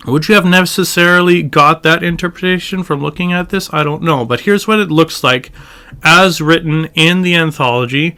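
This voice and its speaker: A man's voice: a little high, brisk, sharp tone. A man giving a casual chant lesson, explaining how the melody works, thinking aloud with fillers and now and then singing phrases of chant. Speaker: chant teacher.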